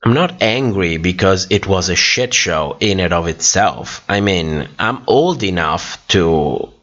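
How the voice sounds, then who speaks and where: A tired man with a very deep voice hosts a relaxed livestream, unhurried and rambling through fillers as he reads comments. His voice sounds worn out, and the dull, lo-fi stream audio takes the edge off it. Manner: rambling, many fillers and restarts. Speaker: livestream host. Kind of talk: casual livestream chat reading comments.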